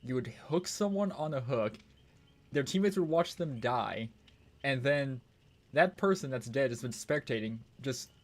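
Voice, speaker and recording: A man's voice: mid-range voice, expressive, unhurried. Male streamer, offhand chat while playing, swears a lot and circles back on himself. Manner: rambling and profane, full of "it's like". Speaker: gaming streamer. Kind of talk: casual gaming stream chat.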